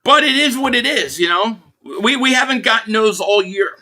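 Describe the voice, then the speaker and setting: A Philadelphia-area man runs a live football reaction stream, calling the plays like an excited fan and reading viewer super chat donations aloud. His voice is very high and his pace moderate, with excitable fan commentary throughout.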